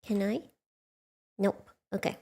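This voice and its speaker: A woman's voice: takes it slowly, mellow. A woman chatting casually as the host of a livestreamed book club. She is chatty and bubbly, laughs often, and talks into a desk mic.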